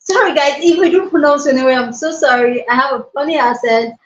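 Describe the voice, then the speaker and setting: A woman's voice: high-pitched, fairly quick. Hyper woman on a roomy phone stream. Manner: hyper, excitable, loud. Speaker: livestream host. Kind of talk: casual live-stream chat. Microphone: mobile phone. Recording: roomy, dull lo-fi phone audio.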